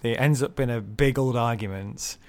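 A man co-hosting a casual book discussion, relaxed as he summarises the plot and laughs along. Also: mid-range voice, normal speed. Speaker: podcast co-host.

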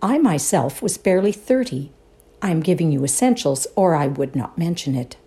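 A woman performing a dramatic reading of a ghost story, hushed and suspenseful, often dropping to a whisper. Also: low voice, animated, moderate pace. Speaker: reader in a readers' theatre show.

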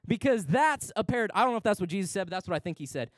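A man's voice: sits high, racing, no echo. A young man preaching a sermon in a large church, telling stories and acting out the voices in them. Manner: animated storyteller, acts out voices. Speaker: pastor. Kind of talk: sermon with storytelling. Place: large church worship center.

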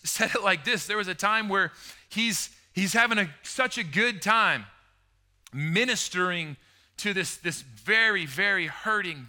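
A man preaching a passionate sermon, swinging between loud emphasis and hushed, emotional tones and lingering on key words. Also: sits high.

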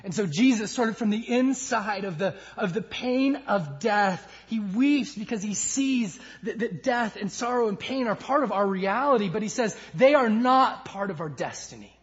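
A man preaching a sermon with passion, swinging from loud emphasis to hushed lines. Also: sits high, expressive, moderate pace, few pauses, highs cut off. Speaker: pastor.

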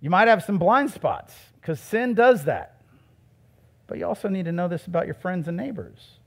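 Middle-aged pastor, man, slightly high voice, casual preaching that swings from loud stresses to quiet asides. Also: lively intonation, moderate pace, vocal fry. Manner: conversational preaching with shifts between loud emphasis and soft asides. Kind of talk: sermon.

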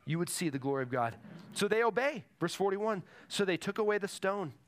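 A man's voice: high voice, lively intonation, brisk. A man preaching a sermon to a congregation in a church, emphatic and repeating his key phrases. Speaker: pastor.

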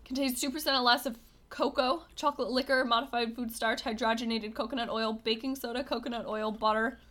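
A woman's voice: on the high side, fairly even intonation, fairly quick, fairly bright tone. A woman co-hosting a casual podcast, chatting and teasing while she reads ingredient lists aloud. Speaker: podcast co-host. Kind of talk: casual chat.

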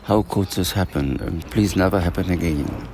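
A man's voice: low voice, moderate pace, gravelly, a little mellow, slight background noise. An older man with a German accent speaking earnest, slightly broken English as an interviewee. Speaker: artist interviewee.

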